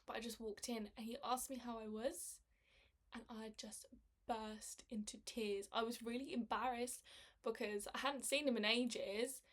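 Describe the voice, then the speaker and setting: A young woman speaking candidly about her own experience, halting and emotional, with frequent restarts. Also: a little high, steady tone, fairly bright tone. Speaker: person sharing her experience of living with MS. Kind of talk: candid personal testimony.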